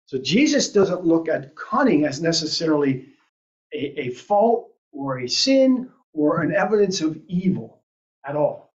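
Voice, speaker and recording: A woman's voice: low-pitched, sing-song, a little slow, a little mellow. A woman teaching an adult Sunday school class, asking the group questions and thinking aloud as she goes. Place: church classroom. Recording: roomy, distant and dull.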